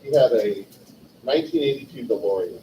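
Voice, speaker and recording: A man's voice: medium pitch, brisk, dark tone. A man in his forties telling rambling personal anecdotes at a livestreamed memorial, often correcting himself. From California. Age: 40s. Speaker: eulogy speaker. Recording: distant mic, roomy echo, faint noise.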